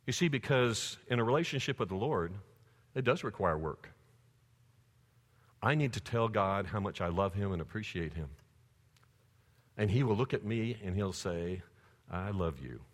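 A man's voice: on the low side, moderate pace, pauses often. Man preaching in a reverberant church. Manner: animated storytelling preacher. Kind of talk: sermon.

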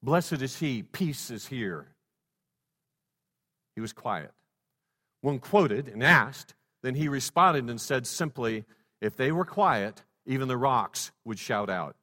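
A male pastor preaching a sermon, swinging from loud exhortation to hushed softness and stacking rhetorical questions. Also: mid-range voice, expressive, takes it slowly. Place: church sanctuary. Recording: long reverb in a church hall.

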